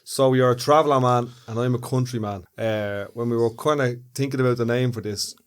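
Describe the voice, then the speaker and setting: A man's voice: mid-range voice, steady tone, fairly quick, clear, resonant tone. A man co-hosting a podcast in casual chat, curious and asking questions, with a joking touch. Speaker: podcast co-host.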